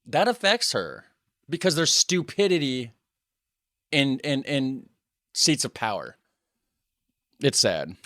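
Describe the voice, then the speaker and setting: American male reaction host, mid pitch, self-deprecating rambler, dry close mic. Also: very animated, takes it slowly, long pauses, fairly bright tone, no echo. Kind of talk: casual commentary.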